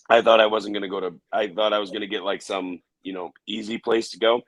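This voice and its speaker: A man telling a personal story in an interview, halting with restarts and fillers. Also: on the low side, little pitch movement, fairly bright tone, no room sound, poor audio. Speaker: interview guest.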